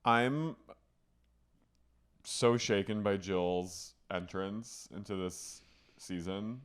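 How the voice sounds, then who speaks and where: A man co-hosting a podcast, chatting casually about a reality show and mimicking the cast in high voices. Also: drawn-out words, clear, resonant tone. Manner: acts out quotes in shrill high voices, laughs often. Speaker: podcast co-host. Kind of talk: casual chat recapping reality TV.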